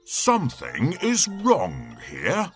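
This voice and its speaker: A man voicing a big, gruff father bear in a children's storybook cartoon, speaking slowly. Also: huge pitch swings, soft background music, exaggerated voice. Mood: puzzled. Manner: slow, booming and gruff.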